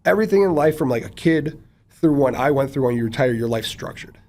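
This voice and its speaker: A man, a former professional football player, chatting casually as a guest in an interview, talking quickly with many fillers. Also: medium pitch, animated, warm tone. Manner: quick, rambling, frequent fillers.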